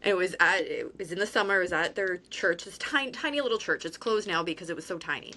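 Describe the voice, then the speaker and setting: A woman with a bright, forceful voice hosts a casual interview. She is chatty and tells stories at length, laughing along as she goes. She sounds like she is in her forties. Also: on the low side, fast, a little hiss or hum. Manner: chatty, storytelling, laughs often. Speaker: show host.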